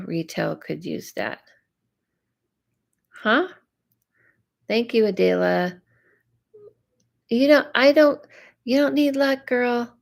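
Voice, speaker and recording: Woman psychic host, casual live-stream chat, mid-range voice, slow delivery. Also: medium pitch, creaky. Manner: chatty, reacts to viewer comments aloud.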